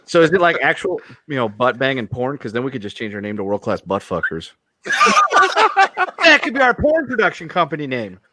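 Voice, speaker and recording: A man's voice: medium pitch, big pitch swings, fairly quick, heavy background noise. A man co-hosting a podcast, tossing out crude, playful jokes in casual banter. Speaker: podcast co-host.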